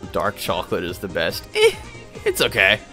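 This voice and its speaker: A man's voice: on the low side, wildly swooping pitch, moderate pace, pushed and bright. A young man live-streaming games, chatting casually and answering viewer questions in a rambling, hesitant way full of fillers and restarts. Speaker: game streamer. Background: faint game music.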